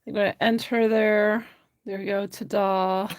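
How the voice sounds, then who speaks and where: A woman's voice: mid-range voice, little pitch movement, a little slow, smooth. A woman hosting an art livestream, chatting casually and answering viewer comments while she paints, often laughing.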